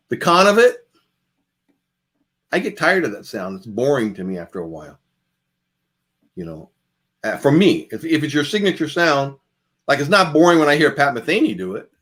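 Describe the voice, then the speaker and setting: A man's voice: medium pitch, fairly bright tone. A man giving a jazz guitar masterclass, talking casually and calling out picking strokes as he demonstrates. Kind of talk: masterclass lecture.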